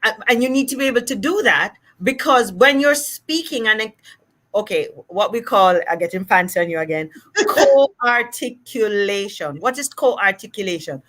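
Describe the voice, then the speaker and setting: A woman speech-language pathologist explaining things patiently in a teacherly way, sometimes drawing out sounds slowly to demonstrate. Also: medium pitch, a bit bright. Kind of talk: explanatory live chat.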